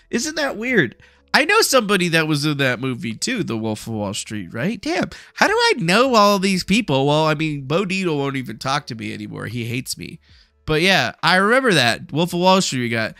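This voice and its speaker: A man's voice: a little high, fairly bright tone, no echo. A man hosting a casual livestream at home, reading news aloud and riffing on it sarcastically, swearing casually. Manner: reads news articles aloud and riffs on them. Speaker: livestream host.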